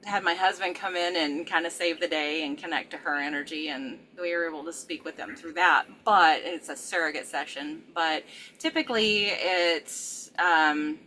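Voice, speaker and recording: Hesitant woman with a bright voice. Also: low-pitched, moderate pace, a little hiss or hum, rough recording. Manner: hesitant, many fillers and restarts. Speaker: regression therapist, co-host. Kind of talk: casual conversation.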